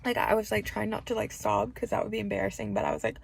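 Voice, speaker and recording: A woman vlogging from a hospital room as a pregnancy vlogger, chatting to camera in a bubbly, gushing, excitable way. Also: mid-range voice, moderate pace, creaky, slightly rough. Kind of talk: casual chat to camera.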